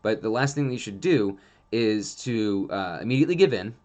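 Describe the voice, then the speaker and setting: A man with a fairly low voice talks through dog behavior in a casual, instructional way. He is frank and rambling, circling back with lots of fillers as he explains things from his grooming days. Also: expressive, fairly quick, a little mellow.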